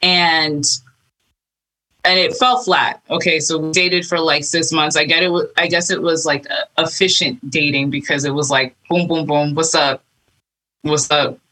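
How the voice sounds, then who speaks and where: Husky low-voiced woman telling her story. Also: normal speed, low-quality recording. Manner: animated storytelling with many fillers. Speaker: guest sharing a testimony. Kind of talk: casual faith-based chat.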